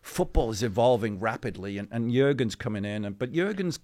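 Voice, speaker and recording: A middle-aged man, a guest in an interview, telling anecdotes in a chatty, animated way with many asides. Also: mid-range voice, brisk. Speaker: interview guest, former football club CEO. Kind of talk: conversational storytelling.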